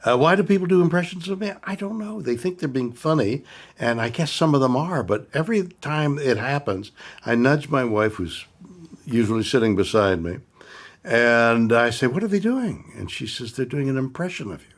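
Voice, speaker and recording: A man's voice: medium pitch, normal speed. An older man reviewing impressions of himself in a scripted comic video, incredulous and stammering, repeating himself.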